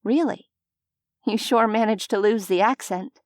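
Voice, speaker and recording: A woman's voice: mid-range voice, measured pace, darkish tone, dry recording, clean studio sound, close to an everyday voice. A woman voicing a flustered young heroine in an audiobook, hesitant and quipping. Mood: wry. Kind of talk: audiobook character voice.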